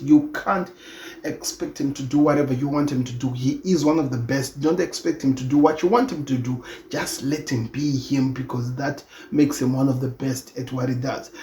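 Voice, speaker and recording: On his own channel, a man delivers an opinion commentary monologue on football, earnest and emphatic, often repeating himself. His voice is medium-pitched and warm, recorded in an echoey room with faint ambient noise.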